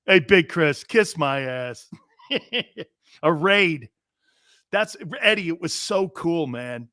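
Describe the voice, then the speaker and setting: A middle-aged man hosting a sports talk show, telling stories in a rambling, animated, sometimes profane way. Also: a little high, slow pace, no echo, clean studio sound. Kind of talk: casual sports talk banter.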